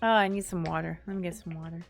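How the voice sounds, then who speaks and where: A tired young woman streaming a game, chatting casually with viewers in a slow, drowsy manner, with frequent laughs and sighs along the way. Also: lowish voice, fairly even intonation, creaky, dry recording, soft background music. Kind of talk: casual gaming stream chat.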